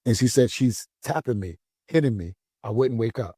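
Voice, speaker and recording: Animated male pastor telling a story. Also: medium pitch, normal speed, breathy edge, dry recording, clean studio sound. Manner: animated storytelling, acts out voices. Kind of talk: casual conversation.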